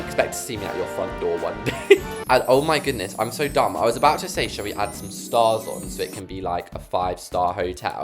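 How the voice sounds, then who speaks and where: British woman, young, game commentator; jokey, chatty, swings all over in pitch, music playing under her. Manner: chatty, jokey, with sudden loud squeals. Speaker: gaming YouTuber. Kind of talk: gameplay commentary while building. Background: background music.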